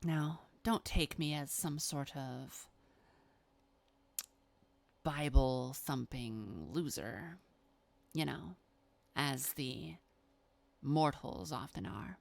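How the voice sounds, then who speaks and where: Cryptic sweet-talking vampire woman, woman doing the voice, soft half-whisper, low slow delivery. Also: vocal fry, full character voice. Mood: coaxing. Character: cryptic, coaxing female vampire, oddly sweet.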